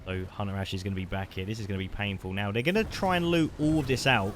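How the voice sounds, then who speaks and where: A man giving live commentary over his gameplay, chatty and excitable, calling the listener mate. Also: fairly low pitch, fast. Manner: excitable, bursts into loud shouts at big plays. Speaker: gaming streamer. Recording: noisy background.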